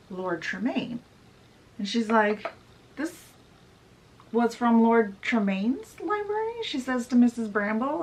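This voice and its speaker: A woman's voice: medium pitch, a bit bright. Chatty woman retelling a story, mic slightly distant. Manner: chatty, acts out quoted lines with "she's like"; laughs easily between lines. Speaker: book vlogger. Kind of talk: casual retelling of a novel's plot. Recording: voice a bit off-mic.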